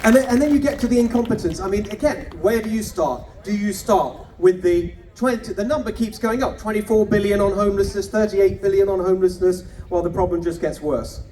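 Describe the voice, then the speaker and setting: A man's voice: high voice, a little fast, hardly any pauses, warm tone, far from the mic, a faint crowd. A man giving a punchy, mocking campaign rally speech, firing off rhetorical questions at an outdoor rally. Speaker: political candidate.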